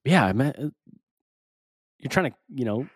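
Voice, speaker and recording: A young man co-hosting a podcast, talking in a relaxed, casual way and thinking out loud. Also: medium pitch, a little slow, slightly rough, no room sound. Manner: relaxed, thinks aloud with fillers. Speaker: podcast co-host. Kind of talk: casual chat.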